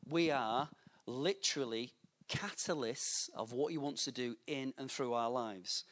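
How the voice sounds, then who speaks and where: A man's voice: mid-range voice, unhurried. A man preaching a sermon to a church, telling anecdotes and acting out the voices in them. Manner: storytelling with lively voiced anecdotes. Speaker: pastor.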